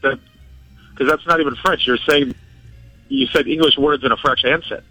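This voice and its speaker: A man's voice: a little high, steady tone, moderate pace, bright, forceful tone, soft background music, rough recording. A man on a radio prank call who sounds hesitant and defensive, with lots of fillers. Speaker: caller.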